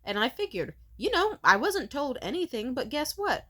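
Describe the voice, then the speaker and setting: A young woman in her twenties vents in a rambling, profane rant. Her pitch swings widely as she talks, and her voice jumps between sharp emphasis and quiet asides. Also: big pitch swings, moderate pace. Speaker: vlogger. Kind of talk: ranting personal vent.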